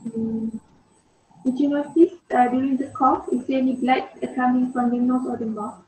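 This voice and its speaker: A woman's voice: high-pitched, steady tone, normal speed, mellow, recorded from a distance. A woman medical student taking a patient's history, asking polite, hesitant questions with many fillers. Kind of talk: mock clinical history-taking. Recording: echoey room with faint noise.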